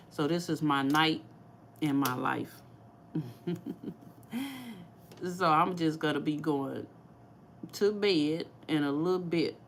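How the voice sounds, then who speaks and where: A woman's voice: deep voice, gravelly, slight background noise. A woman with a St. Louis accent chatting casually to viewers on a live cooking vlog, laughing often. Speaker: cooking vlogger. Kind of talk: casual live-stream chat.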